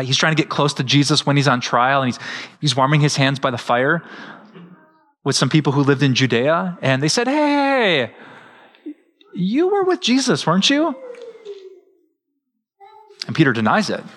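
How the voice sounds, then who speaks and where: A middle-aged man, preaching a sermon as pastor in a lively, joking way. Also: mid-range voice, brisk. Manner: lively, joking, with frequent laughs.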